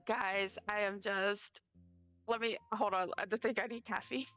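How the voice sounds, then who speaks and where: Her pitch fairly high and her delivery slow, a weary woman chats through a game stream, teasing herself as she wanders from topic to topic. The intonation is lively, the tone a bit bright, and faint music plays behind her.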